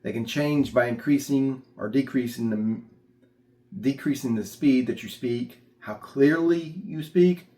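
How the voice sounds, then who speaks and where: A man's voice: medium pitch, a little slow, dark tone. A man teaching church puppeteers in a casual, plainspoken instructional talk. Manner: plainspoken, demonstrates voices.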